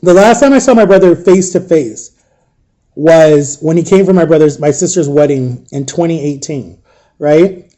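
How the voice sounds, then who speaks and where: A man recounting a painful story in an emotional storytime vlog, subdued and grieving, halting and repeating himself. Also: fairly high pitch, warm tone. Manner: halting, repetitive retelling. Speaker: vlogger.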